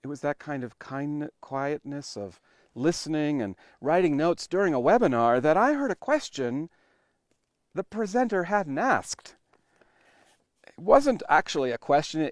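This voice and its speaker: A male pastor preaching a sermon, telling it like a story with dramatic pauses and sudden shifts between loud emphasis and hushed, quiet lines. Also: on the high side, no room sound, clean studio sound. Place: church online worship recording.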